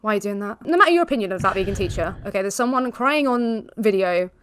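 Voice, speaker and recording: A woman's voice: mid-range voice, expressive, quick pace, a bit bright, slight background noise. A woman giving incredulous reaction commentary on a streamer's clip. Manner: exasperated, incredulous.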